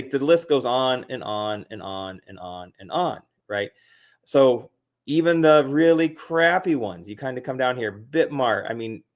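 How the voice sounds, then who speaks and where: Talking over what's on his screen, this crypto video host rambles excitedly in a casual way, repeating himself and leaning on fillers. His pitch is medium.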